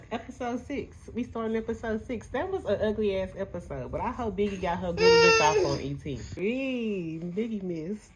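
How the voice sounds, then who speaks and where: A woman's voice: fairly low pitch, slight background noise. A young woman hosting a casual reality show recap, blunt and heated, swearing freely.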